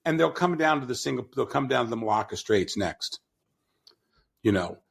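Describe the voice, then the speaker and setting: A man's voice: medium pitch, expressive, moderate pace, vocal fry, slightly rough. A man talking bluntly on a podcast, mocking and profane, with frequent restarts. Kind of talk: casual opinionated talk.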